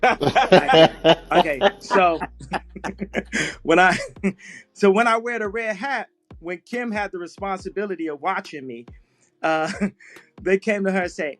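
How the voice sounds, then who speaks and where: A man's voice: sits high, unhurried, pauses often, a bit bright. A man as a podcast guest in casual conversation, telling rambling stories and acting out the voices of the people in them.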